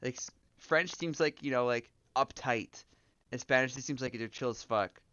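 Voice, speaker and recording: A man's voice: medium pitch, moderate pace, fairly bright tone, clear, resonant tone, no room sound, highs cut off. A young man from Canada chatting casually on a game livestream, joking and swearing with frequent laughs. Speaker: streamer.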